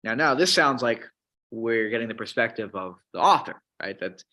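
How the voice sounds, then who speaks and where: Animated man teaching a Psalms class. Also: medium pitch, normal speed. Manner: animated, explains words, many restarts. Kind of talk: Torah class lecture.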